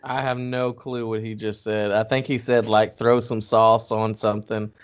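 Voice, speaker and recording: A man's voice: lowish voice, moderate pace, smooth, muffled recording. A man co-hosting a casual chat, explaining things easily and step by step. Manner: relaxed, easygoing, explains step by step.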